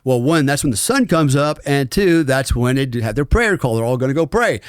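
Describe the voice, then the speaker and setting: A man's voice: mid-range voice, expressive, a little fast, smooth, no echo. Middle-aged American man, ex-soldier guest, candid rambling storyteller, dry close mic. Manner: frank, rambling, many fillers and restarts. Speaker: former special forces soldier, podcast guest. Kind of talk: storytelling in a conversational interview.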